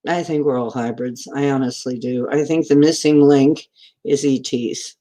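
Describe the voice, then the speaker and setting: A woman hosts a casual livestream from home, greeting viewers by name and rambling in a giggly, stream-of-consciousness way. Her voice is bass-deep, mellow and steady, at normal speed.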